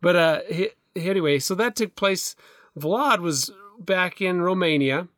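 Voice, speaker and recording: Middle-aged male co-host, slightly high voice, dry close sound, loose and rambling delivery. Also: animated, unhurried, a bit bright, no echo. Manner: rambling, hesitant, many restarts and fillers. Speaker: podcast co-host. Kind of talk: casual chat.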